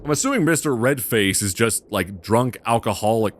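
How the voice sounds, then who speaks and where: A man's voice: on the low side, animated, moderate pace, a little hiss or hum. A man giving casual gameplay commentary with crude, sarcastic humor.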